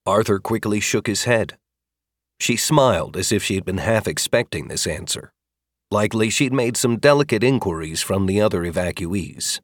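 Expressive low-voiced male audiobook narrator. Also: moderate pace, dry recording, studio quality. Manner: steady, expressive storytelling.

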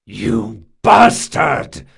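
A man's voice: lowish voice, sing-song, gravelly, exaggerated voice. A man doing Jean, a big, loyal, fierce thief. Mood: furious anguished. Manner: measured and firm, bursting into roars. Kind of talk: audiobook character voice.

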